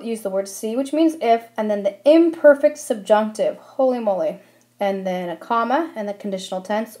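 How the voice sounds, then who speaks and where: A woman walks students through Spanish verb forms in a friendly, explanatory way. She pauses on ums now and then and keeps a teacher's easy pace. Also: medium pitch, dark tone. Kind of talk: classroom lesson narration over slides.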